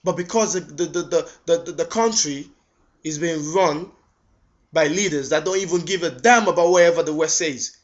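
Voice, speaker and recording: A man's voice: on the high side, normal speed. Indignant man ranting into a webcam. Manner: indignant, repeats words, rhetorical questions. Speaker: vlogger. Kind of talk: ranting video response. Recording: dull lo-fi webcam audio.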